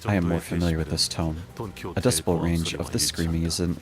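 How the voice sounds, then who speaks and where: Male streamer voicing calm strategist, lowered pitch, clinical delivery, faint music behind. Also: natural voice. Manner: measured, low and flat analytical. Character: calm, clipped military strategist.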